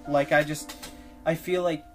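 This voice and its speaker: A man's voice: a little high, fairly even intonation, measured pace, fairly bright tone, faint music behind. A young man in casual chat as a podcast co-host, hesitant and loose, often repeating himself.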